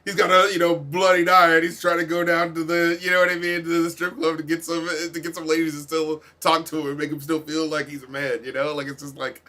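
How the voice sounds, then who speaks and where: Brief: male music critic, somewhat high voice, exasperated and profane, loose rambling delivery. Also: level tone, fairly quick, hardly any pauses, pushed and bright. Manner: heavy filler talk. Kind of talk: casual album review commentary.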